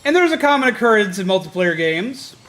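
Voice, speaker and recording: A man's voice: high-pitched, sing-song, brisk, a bit bright. A man streaming a game in casual, goofy chat, who also talks to his pet bird. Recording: game music playing under the voice.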